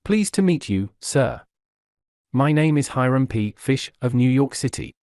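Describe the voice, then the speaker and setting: A man voicing a slow-drawling American gentleman, polite and genteel, with an American accent. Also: medium pitch, expressive, no echo, clean studio sound. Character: slow-drawling American male art collector.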